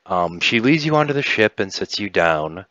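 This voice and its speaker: Deep, bright-toned male game master. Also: big pitch swings, normal speed, no room sound. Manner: hesitant, many restarts. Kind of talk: narrating a tabletop game. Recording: dull lo-fi dry sound.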